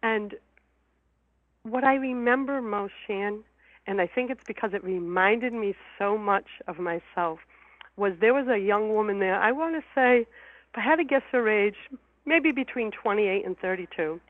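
A woman's voice: medium pitch, moderate pace, no echo. A woman guest telling a personal story in an interview, heartfelt and emotional, often repeating her words. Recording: phone line.

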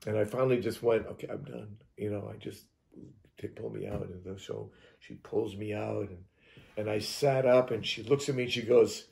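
A man's voice: fairly low pitch, fairly even intonation, normal speed, creaky, darkish tone. A man, a hypnotherapist, telling his experience in rambling first person, repeating and restarting words and acting out his own reactions.

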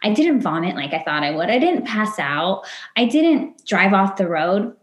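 A woman's voice: mid-range voice, sing-song, moderate pace. A woman, a podcast guest, telling a personal story in conversation and acting out her past self and others in quoted lines. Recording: roomy echo.

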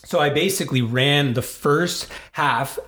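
A man's voice: on the high side, a little slow, fairly bright tone. A man telling a personal story in a casual chat, rambling with many fillers and restarts.

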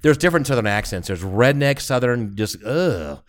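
A man's voice: mid-range voice, big pitch swings, normal speed. A middle-aged man chatting casually on a podcast, telling rambling stories with many restarts and asides. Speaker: podcast co-host. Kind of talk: casual chat.

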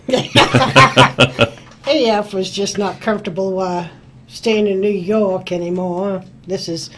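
A woman's voice: medium pitch, steady tone, takes it slowly, noisy background, lightly acted. A woman playing a long-suffering pioneer wife, talking dryly in character. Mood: wry. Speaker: costumed history performer. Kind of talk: in-character historical chat.

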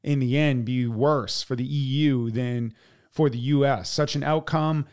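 A man's voice: medium pitch, fairly even intonation, a little slow, darkish tone. A man co-hosting a podcast, reading political articles aloud with frequent fillers and profane editorial remarks. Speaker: podcast co-host. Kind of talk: reading news articles with commentary.

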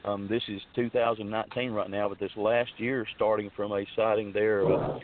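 A man's voice: on the low side, little pitch movement, normal speed. A man earnestly telling a long personal story in a rambling, casual way, full of restarts and fillers. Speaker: guest telling his story. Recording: tinny phone line.

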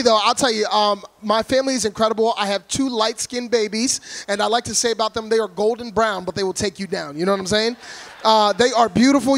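A man from Florida preaching to a congregation, loud, energetic and full of jokes. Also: high voice. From Orlando, Florida, USA. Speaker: guest preacher. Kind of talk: humorous sermon to a congregation. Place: church before a live congregation.

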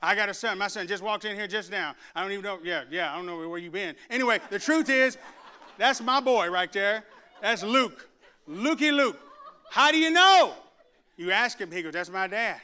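A middle-aged man from Arkansas, preaching a sermon with animated delivery, shouting at peaks and laughing through asides. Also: high-pitched, a little fast, clean tone.

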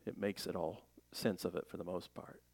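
A man preaching a sermon in a lively, joking way, slipping into playful voices as he makes his points. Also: sits low, moderate pace, vocal fry, dry recording. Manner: animated, jokey preaching with playful voices and laughs. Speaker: pastor.

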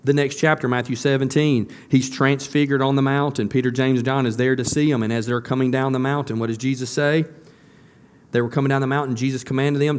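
Man, pastor, sermon, rhetorical questions to the congregation, mid-pitched voice. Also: little pitch movement, fairly quick, clear, resonant tone. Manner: asks the congregation questions and answers them; builds to a louder, higher emphatic close.

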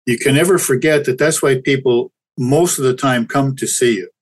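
A man's voice: medium pitch, moderate pace, husky, poor audio. Older man, candid and reflective. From Canada. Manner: candid, reflective, with stumbling restarts. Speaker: guest chiropractor. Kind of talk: casual interview talk.

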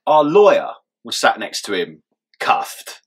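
A man's voice: medium pitch, wildly swooping pitch, slow pace, breathy edge. A young man telling his story in a casual interview, swearing and laughing as he goes. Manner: swears often and laughs through his story, mumbling asides. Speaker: interview guest.

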